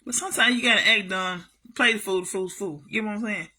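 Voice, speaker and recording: A vlogger talks to her camera in a casual monologue, telling a story bluntly with heavy profanity and repeating herself for emphasis. Her voice is medium-pitched, quick and sharp.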